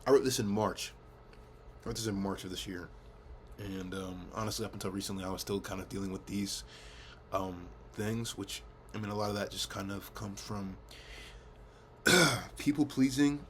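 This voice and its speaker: A man's voice: fairly low pitch, fairly even intonation, moderate pace, a bit bright, a little hiss or hum. A young man rambling casually to camera, laid-back, swearing often and laughing at himself. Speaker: vlogger. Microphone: camera mic.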